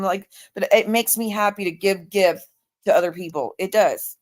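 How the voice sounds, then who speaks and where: A woman's voice: medium pitch, normal speed. A woman in her forties chatting casually on her livestream, reading viewer comments aloud and talking back to them. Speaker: livestream host.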